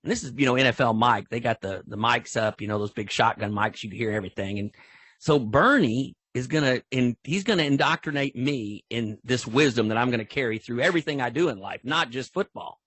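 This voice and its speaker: Folksy older man, husky. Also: mid-range voice, brisk, a bit bright, no echo. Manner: folksy, rambling, frequent restarts. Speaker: football official, guest speaker. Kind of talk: storytelling in an online training talk.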